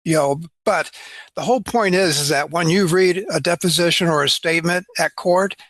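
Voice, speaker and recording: A man's voice: a little high, moderate pace, a bit bright, dry recording. A middle-aged man, a lawyer guest on a podcast, explaining points of law in a chatty way with many "you know" fillers. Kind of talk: casual podcast chat.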